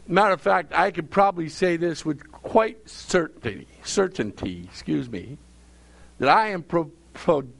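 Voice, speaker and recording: A man preaching a sermon with a slightly raised pitch and a gravelly edge to his voice. He repeats phrases for emphasis and keeps checking in with his congregation through questions. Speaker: pastor.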